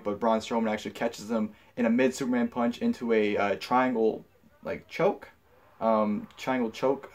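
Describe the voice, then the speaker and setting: A young man talks through his review in a loose, rambling way, full of fillers and restarts. He turns blunt and swears freely when something irritates him. His voice sits at an ordinary middle pitch for a man. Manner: blunt and profane when annoyed. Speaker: wrestling show reviewer. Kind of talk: casual spoken review.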